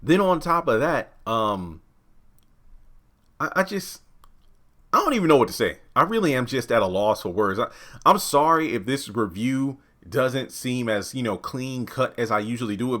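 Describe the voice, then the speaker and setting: Exasperated man ranting a TV review. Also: fairly bright tone. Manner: exasperated, ranting, swears freely; jumps into quoted lines with raised pitch. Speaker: TV show reviewer. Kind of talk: casual TV episode review.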